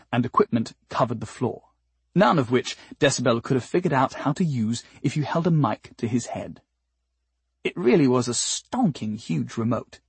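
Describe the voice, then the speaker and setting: A man narrating an audiobook in a wry, deadpan storytelling manner. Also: medium pitch, husky, dry recording.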